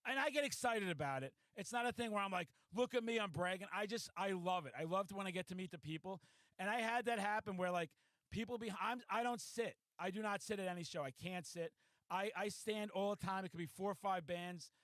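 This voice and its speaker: A man with a high-pitched voice hosts a casual podcast, tearing through stories with profane excitement. His voice sounds dry and close, with no room echo. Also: brisk. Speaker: podcast host. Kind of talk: casual chat.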